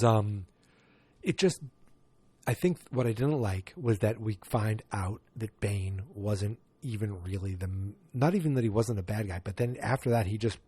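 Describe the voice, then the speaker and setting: A man reviewing a film on his podcast, talking loosely and piling up fillers and restarts as he rambles. His voice is fairly low and husky. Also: warm tone, no room sound. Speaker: podcast host. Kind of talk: casual movie review podcast.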